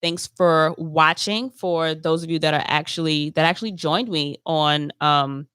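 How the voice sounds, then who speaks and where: Low-voiced woman hosting a travel podcast. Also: measured pace, fairly bright tone, smooth, dry recording, clean studio sound. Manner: chatty, loose, trails off and restarts. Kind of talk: casual solo podcast chat. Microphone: close mic, streamed live.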